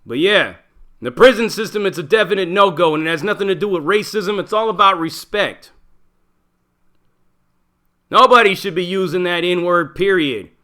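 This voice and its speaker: Man, middle-aged, high-pitched, bright tone, blunt, profane, slangy storytelling. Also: normal speed, pauses often. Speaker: channel host, former prisoner telling stories. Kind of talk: casual storytelling monologue.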